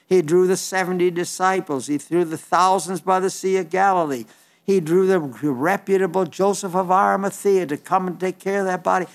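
A man preaching a sermon, fervent and repetitive, with frequent restarts. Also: fairly high pitch.

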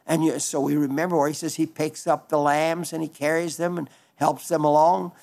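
A man in his nineties, a preacher reading listener letters in a folksy, halting way, with frequent restarts, growing fervent when he praises the gospel. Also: a little high, level tone, gravelly, darkish tone. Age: 90s.

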